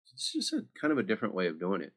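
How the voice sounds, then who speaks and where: A man's voice: lowish voice, huge pitch swings, rapid-fire. A man teaching math over a screen recording, chatty and talking straight to his students with little asides.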